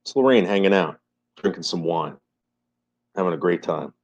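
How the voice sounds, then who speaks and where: A low-voiced man chats casually on a livestream at normal speed, animated in delivery. He curses freely and repeats his phrases for emphasis, and the recording is muffled and lo-fi.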